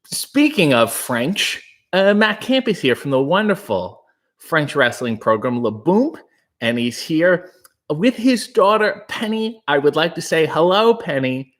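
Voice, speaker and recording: Hushed, breathy man riffing on a livestream. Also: fairly high pitch, sing-song, a little slow. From Canada. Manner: breathy, hushed, rambling and joking. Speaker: livestream host reading chat. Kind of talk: casual live chat. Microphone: new studio microphone.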